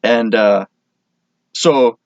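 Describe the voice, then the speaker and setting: A man from Minnesota talks casually to his camera, rambling along, correcting himself and enthusing as he goes. His voice sits at a middle pitch. The sound is close and dry, with a dull, lo-fi tone. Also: drawn-out words, no room sound. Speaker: vlogger.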